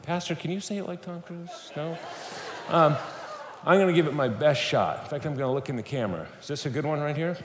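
A man's voice: fairly high pitch, a little fast. A man preaching a sermon in a church, telling stories with humor and speaking to the audience directly. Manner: animated storytelling, playful, talks to the audience. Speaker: guest speaker at a church service. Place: church sanctuary. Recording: echoey hall, faint room noise.

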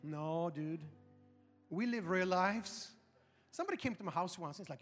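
A high-voiced man preaching with humor, animated and punching his lines loudly at the peaks. His voice carries through a large church hall with a long reverb tail. Faint music sits underneath. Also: moderate pace. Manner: animated, humorous, building to loud emphasis. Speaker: pastor. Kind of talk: storytelling sermon.

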